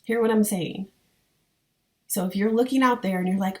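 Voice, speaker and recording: A woman in her thirties speaks straight to her viewers as a coach, earnest and heartfelt. Her voice sits at an ordinary middle pitch. She keeps urging them on in a warm, encouraging way. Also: steady tone, unhurried, pauses often. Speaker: spiritual business coach. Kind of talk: motivational vlog talk to viewers.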